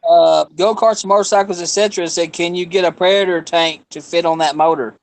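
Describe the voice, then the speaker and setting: A man's voice: high voice, steady tone, fairly quick. A man co-hosting a casual live stream who reads out viewer comments and laughs easily. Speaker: co-host reading chat comments.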